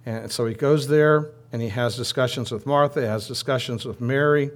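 A man's voice: mid-range voice, normal speed. Man preaching a chatty sermon. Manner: conversational storytelling with asides.

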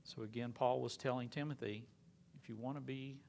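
Guy with a gravelly voice preaching, earnest storytelling, faint hum behind him. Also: medium pitch, fairly even intonation, brisk. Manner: earnest, dropping to a hushed whisper at emotional moments. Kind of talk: sermon storytelling.

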